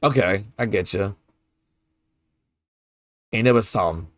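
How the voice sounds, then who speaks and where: A man's voice: on the low side, slow pace, a bit bright, no echo. A man streaming a game and chatting casually with his viewers, puzzling aloud over pronunciations, hesitant and repeating his words, curious and playful. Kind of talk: casual chat with viewers while gaming.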